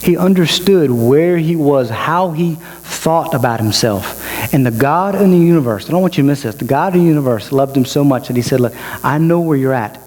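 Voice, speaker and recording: A man's voice: a little high, animated, fairly quick, a little mellow. A male pastor preaching a sermon with emotion, his voice climbing as he builds to each point. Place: church. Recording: reverberant hall with mains hum.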